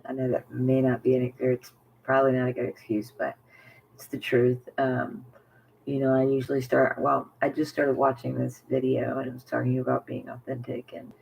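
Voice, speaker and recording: Candid rambling woman with vocal fry. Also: extremely low pitch, slight background noise, rough recording. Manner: rambling and candid, many fillers like "you know". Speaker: vlogger. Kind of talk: casual personal vlog.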